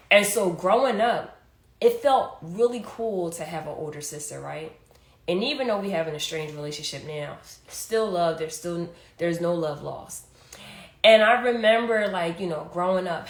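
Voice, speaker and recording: A young adult woman hosting a casual motivational talk, chatty and emphatic, full of "hey" and "like". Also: lowish voice. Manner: conversational, repeats "hey" and "like", emphatic. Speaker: podcast host. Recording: roomy echo.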